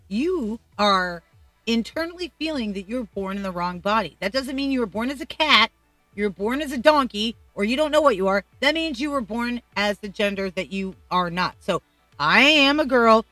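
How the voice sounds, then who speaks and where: A brash middle-aged woman from Colombia runs a casual opinion vlog, swearing freely and speaking bluntly. Her voice is bright and somewhat high, and it sounds close and dry. Faint music plays behind her. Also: no room sound. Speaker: YouTube vlogger.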